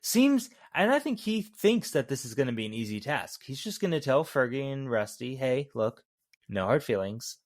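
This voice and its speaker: A man's voice: medium pitch, sing-song, normal speed, few pauses, dry recording, clean studio sound. A man co-hosting a podcast, chatting casually about a film in a loose, rambling way and correcting himself as he goes. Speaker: podcast co-host. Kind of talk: casual movie review chat.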